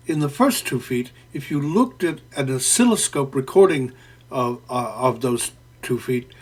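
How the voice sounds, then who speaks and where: A man giving a spoken close reading of a poem, deliberate and professorial, pausing often with "uh" and correcting himself as he explains. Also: on the high side. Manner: deliberate and professorial, with frequent "uh" fillers and self-corrections. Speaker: poetry lecturer. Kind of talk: spoken literary analysis.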